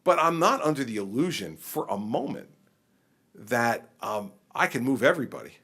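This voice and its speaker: A middle-aged man who is a governor, answering a question at a public forum in an animated, conversational way. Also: mid-range voice, moderate pace, slightly rough. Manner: animated, conversational, acts out exchanges with people.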